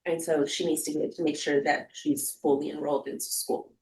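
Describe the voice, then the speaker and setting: A woman's voice: sits low, level tone, fairly quick, a little mellow, poor audio. A woman attorney addressing a judge in court, hesitant with frequent fillers. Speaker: defense attorney. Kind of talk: courtroom proceedings.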